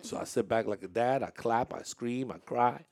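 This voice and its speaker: A man's voice: mid-range voice, normal speed, darkish tone. A man hosting a casual interview with young dancers, talking in a chatty, storytelling way with frequent laughs and restarts.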